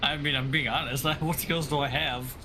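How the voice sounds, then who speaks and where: A man's voice: fairly high pitch, fairly even intonation, moderate pace, bright, forceful tone, a little hiss or hum. A man co-hosting a casual livestream chat, teasing and laughing often. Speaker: podcast co-host.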